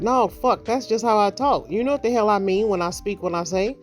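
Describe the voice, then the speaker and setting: A middle-aged woman holds forth in a blunt, salty, casual monologue. She acts out the people in her stories with loose, animated delivery. Faint music plays underneath her. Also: mid-range voice, a little fast, hardly any pauses. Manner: blunt, profane, animated storytelling with mocked voices. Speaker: vlogger.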